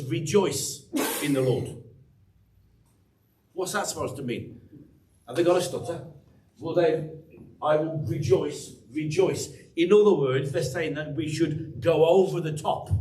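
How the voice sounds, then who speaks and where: A man's voice: on the high side, darkish tone, echoey room, far from the mic, rough recording. An English man preaching a sermon as pastor, chatty and teasing the congregation by name. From England. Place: church hall.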